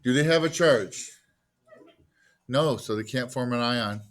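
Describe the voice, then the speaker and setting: A man's voice: mid-range voice, a little slow. A man teaching a class in a casual lecture style, posing questions to students and answering them himself, with jokey asides.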